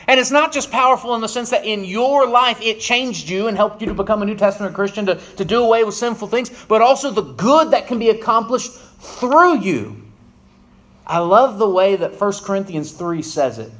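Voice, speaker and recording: A man preaching a sermon, reading scripture and then explaining it earnestly and emphatically, often dropping low at the ends of phrases. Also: animated, moderate pace, fairly bright tone.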